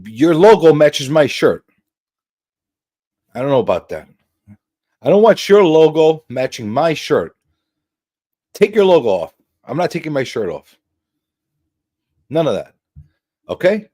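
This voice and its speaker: A man hosting a late-night livestream talk show, his pitch swinging widely as he jokes and teases. His voice sits in a middle register and he swears freely. He leans hard on emphatic, drawn-out asides. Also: breathy edge. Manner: animated, joking, swears freely. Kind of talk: casual livestream chat.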